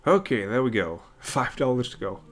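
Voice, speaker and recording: A man talking casually to his live stream at home, half to himself, with a mid-pitched voice and a dry, sarcastic edge. Faint music and the crinkle of packaging sit behind him. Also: very animated, normal speed, a bit bright. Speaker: livestream host.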